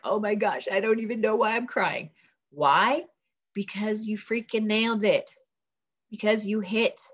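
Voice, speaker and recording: A woman giving a motivational coaching talk on a video call, earnest and rambling with many fillers. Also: medium pitch. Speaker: team leader coaching on a business call. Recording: dull lo-fi call audio.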